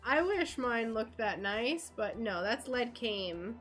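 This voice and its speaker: A woman with a high, bright-sounding voice talks her viewers through her stained glass work in a slow, easygoing way. She is chatty and laughs often, thinking out loud as if talking to herself. Faint music plays behind her in the workshop. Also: very animated. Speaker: stained glass crafter and livestreamer. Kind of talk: casual livestream chat while crafting. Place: home craft workshop.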